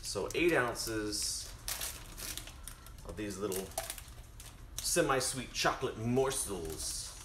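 A man's voice: on the low side, animated, slow, long pauses, echoey room, background noise. A man chatting to his viewers while cooking live in his home kitchen. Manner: chatty, talks straight to viewers. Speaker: cooking stream host. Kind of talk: casual live cooking stream.

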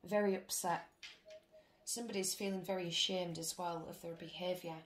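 A woman's voice: on the low side, fairly even intonation, normal speed. Blunt, sweary woman reading tarot. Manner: blunt, chatty, swears freely. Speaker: tarot reader. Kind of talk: casual tarot reading to camera. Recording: echoey room with faint noise.

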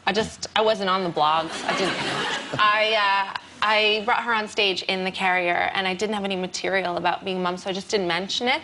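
A woman, a comedian guest, chatting on a talk show with dry, deadpan jokes. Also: medium pitch, moderate pace, heavy background noise. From Canada. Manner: dry, deadpan joking delivery. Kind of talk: casual talk show chat.

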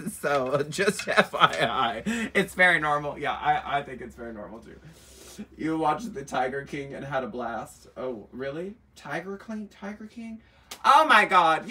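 Campy, lively man hosting a live sale. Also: a little high. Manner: campy, animated and sassy, full of asides and teasing. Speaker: luxury bag reseller hosting a live sale stream. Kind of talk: chatty live-stream selling, reading viewer comments. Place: indoor shop room with lights and windows. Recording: voice picked up from a distance.

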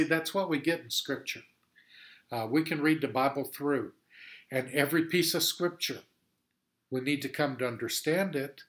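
A man's voice: medium pitch, a bit bright. An earnest man teaches a Sunday school Bible lesson. He explains the passage step by step and repeats his points for emphasis.

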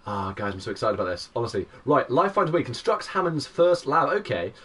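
A man in his twenties streaming a game live, excitable and chatty, greeting viewers by name. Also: medium pitch, fast, breathy edge, distant mic. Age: 20s. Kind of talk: live gaming stream commentary.

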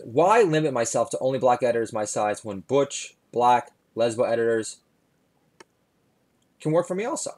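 A man's voice: mid-range voice, darkish tone. A male comedian delivering a sarcastic, rambling comedy monologue full of asides.

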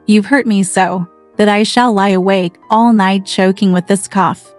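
A woman's voice: medium pitch, fairly even intonation, a little slow, dry recording, faint music behind, lightly acted. Brief: woman reader voicing a frail, spiteful teen boy; peevish, taunting; dry close read. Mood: self-pitying. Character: sickly spiteful teenage boy, whiny and taunting.

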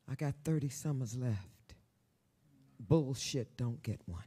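A woman in her sixties, an author guest on stage at a live book event, talking to the audience in a brash, profane, stand-up style, swinging from shouts to hushed near-whispers. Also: very deep voice, sing-song, moderate pace, breathy edge. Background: faint audience murmur and laughter.

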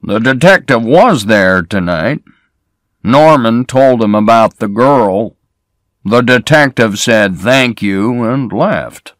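A man reading the lines of a middle-aged small-town sheriff who questions people in a measured way. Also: medium pitch, expressive, no room sound, studio quality. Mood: questioning.

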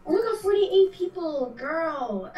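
A woman chatting excitedly with a fellow streamer, gushing about her viewers. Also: very high-pitched, slow pace, reverberant, recorded from a distance, highs cut off, faint music behind. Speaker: guest streamer. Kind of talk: casual live stream chat.

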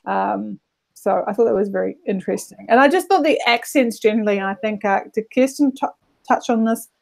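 A woman's voice: medium pitch, lively intonation, brisk, vocal fry. A woman, chatting casually about a book on a podcast, rambling and correcting herself as she goes. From New Zealand. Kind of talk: casual chat.

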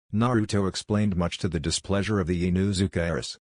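A man narrating a fan-fiction story in a steady, even reading voice. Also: sits low, a little fast, few pauses, dry recording, clean studio sound.

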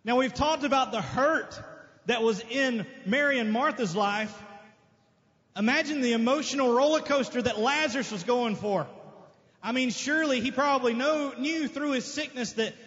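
A man preaching a sermon as pastor, emphatic, with sudden loud outbursts and quieter asides. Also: very high-pitched, moderate pace. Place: church sanctuary. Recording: dull lo-fi sermon recording with long hall reverb.

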